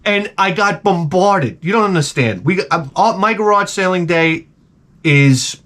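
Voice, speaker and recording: A man's voice: sits high, expressive, unhurried, sharp tone. Rambling middle-aged man telling stories. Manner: rambling, self-mocking, swears freely. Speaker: vlogger. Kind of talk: casual storytelling to camera.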